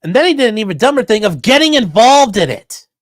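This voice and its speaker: A man's voice: high voice, fast talker, dry recording. A man hosting a podcast, commenting sarcastically and profanely on news clips. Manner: sarcastic, profane, animated mockery. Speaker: podcast host.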